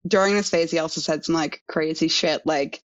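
A woman's voice: low-pitched, steady tone, brisk, no room sound. Chatty young woman, dry muffled sound. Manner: chatty, frequent "like" fillers. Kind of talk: casual chat.

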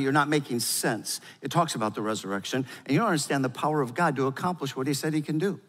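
An older man preaching a sermon as pastor, with emphatic delivery that swings from loud urgency to quiet gravity. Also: medium pitch, fast talker, few pauses. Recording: long hall reverb.

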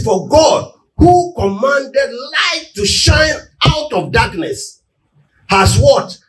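A man preaching a sermon, often asking the congregation whether they are with him and building to loud, emphatic peaks. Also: high-pitched. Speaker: pastor. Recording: echoey room, mic at a distance.

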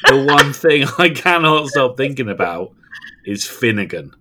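A man co-hosting a podcast, recounting an episode in casual chat with animated, emphatic delivery and frequent restarts. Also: medium pitch, measured pace. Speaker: podcast co-host.

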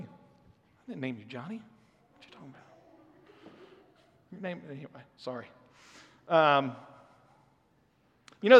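A man in his thirties gives a sermon in an earnest, conversational tone. His voice sits slightly high for a man. A long reverb from the hall trails after his words. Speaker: preacher.

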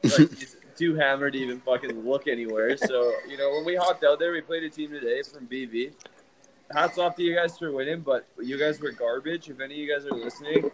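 A man's voice: medium pitch, brisk, slight background noise, low-quality recording. A young man co-hosting a podcast, telling a party story in brash, boastful, profane casual chat.

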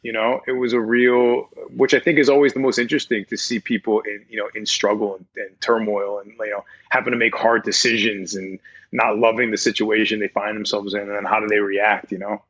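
A man's voice: fairly low pitch, level tone, fairly quick, a bit bright, slightly rough. A man, a voice actor guest chatting casually and rambling in an interview, laughing easily. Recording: dull lo-fi sound.

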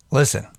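A man giving a casual, rambling sobriety pep talk, self-deprecating and profane, drifting into digressions. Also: no room sound. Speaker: podcast host.

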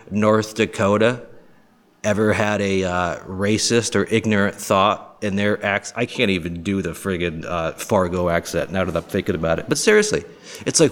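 A man from the area hosting a podcast, rambling through crude, jokey topics with quick mocking voices. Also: fairly low pitch, a bit bright. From Boston area, US. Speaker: podcast host. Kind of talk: casual monologue.

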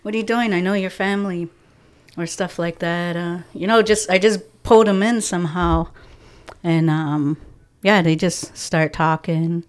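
A woman with a low, smooth and resonant voice tells a story in relaxed podcast talk. She is animated, slips into the voices of the people she quotes, and laughs now and then. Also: normal speed. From from a First Nations reserve community. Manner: animated storyteller acting out dialogue, laughing often. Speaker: guest, community outreach organizer.

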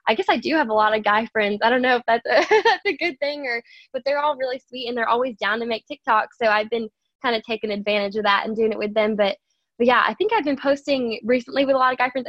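A woman's voice: a little high, steady tone, fast, dry recording, highs cut off. A young woman with a Southern American accent, chatting as an interview guest in a bubbly, giggly way. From USA. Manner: bubbly, giggly, says "y'all". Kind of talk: casual interview chat.

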